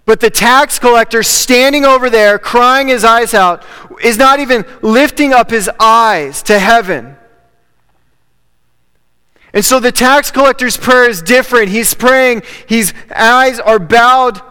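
A man's voice: very high voice, sharp tone, smooth. A man preaching a sermon as a pastor, in a conversational way that repeats key phrases for emphasis. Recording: long reverb of a large hall.

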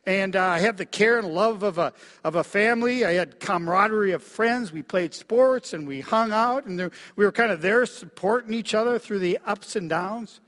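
A middle-aged man from Minnesota preaching a sermon as pastor, reflective and halting, with frequent fillers and soft dips in his voice. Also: high voice. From Minnesota, USA. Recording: long reverb of a large hall.

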